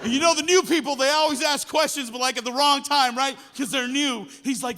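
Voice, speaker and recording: A man's voice: very high voice, a little fast. A man doing a stand-up comedy set as a police officer, telling his stories in a dry, chatty way. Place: large venue with live audience. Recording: echoing hall with loud noise.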